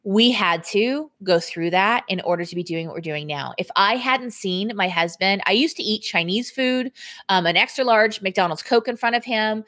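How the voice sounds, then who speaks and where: A woman fitness coach chats live with her viewers from home, her pitch sitting in an ordinary middle range. She speaks candidly, breaks off to read comments aloud and thank people by name, and laughs easily, her voice rising and dropping in loudness as she goes. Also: normal speed. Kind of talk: casual live stream to viewers. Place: indoors at home.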